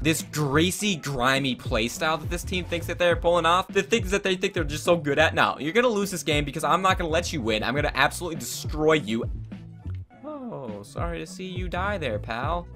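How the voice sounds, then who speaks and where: A young man commentating his own gameplay, ranting about opponents and swearing often. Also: on the high side. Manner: ranting, frustrated, swears a lot, yells at opponents. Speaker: gaming YouTuber.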